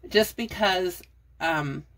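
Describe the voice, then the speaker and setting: Speaking slowly in a low, slightly bright voice, a middle-aged woman gives casual how-to decluttering tips to her phone camera. She's a budgeting and decluttering vlogger, breathless, chatty, and rambling.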